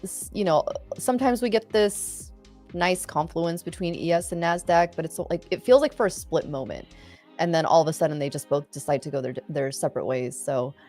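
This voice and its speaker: A woman's voice: low voice, fairly quick, darkish tone, soft background music. A woman co-hosting a live trading show, chatting casually in a giggly, easygoing way. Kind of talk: casual chat.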